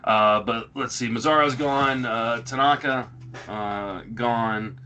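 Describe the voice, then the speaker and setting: Bright-voiced man musing through a draft. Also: medium pitch, takes it slowly, a little hiss or hum. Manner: rambling, thinking aloud with many fillers. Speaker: fantasy baseball podcast host. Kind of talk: casual live draft commentary.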